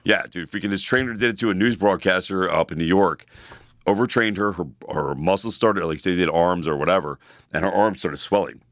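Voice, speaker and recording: A man's voice: low-pitched, a little fast, a bit bright, no echo, studio quality. A man in his forties, a personal trainer co-hosting an advice podcast, talking bluntly and profanely with lots of fillers. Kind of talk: casual advice podcast chat.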